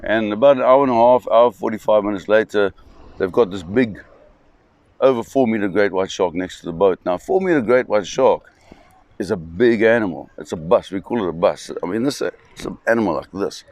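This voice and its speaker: A man telling a spoken anecdote, animated, with fillers and restarts. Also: lowish voice, fairly quick, dry recording.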